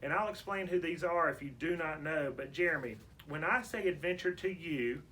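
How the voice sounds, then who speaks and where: A man's voice: fairly high pitch, normal speed, pushed and bright, slight background noise. A man with a Southern US accent hosting a casual radio interview, folksy and playful with his guest. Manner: folksy, plays quiz games with guest. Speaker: radio show host.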